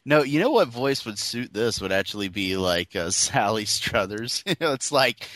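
A man's voice: fairly low pitch, animated, moderate pace, few pauses, fairly bright tone. A man in casual podcast banter, crude and joking, laughing often.

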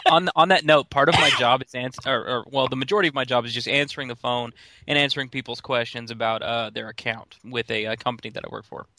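A man's voice: mid-range voice, fast, bright, forceful tone, no echo. A man telling casual stories on a podcast, rambling with fillers and restarts. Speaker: phone support worker.

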